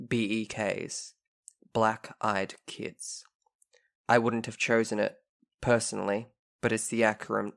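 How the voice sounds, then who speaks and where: A man with a gravelly, creaky voice hosts a relaxed chat podcast. He reads eerie internet stories in a mock reporter tone and gets animated when he reacts to them. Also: fairly low pitch. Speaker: podcast co-host. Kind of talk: casual chat and dramatic story reading.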